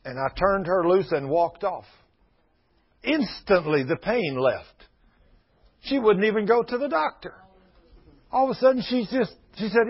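An older man preaches in a high, husky voice. He tells his stories in a folksy way and acts out the people in them. The sound is dull and lo-fi, like an old radio broadcast. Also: expressive, measured pace, long pauses. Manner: folksy storytelling with quoted voices. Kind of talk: sermon.

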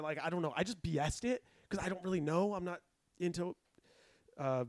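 A man's voice: a little high, brisk, creaky, no room sound, clean studio sound. A man telling a long story in casual chat, acting out the people he quotes. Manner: animated, acts out quotes with raised voice. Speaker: podcast guest telling a story.

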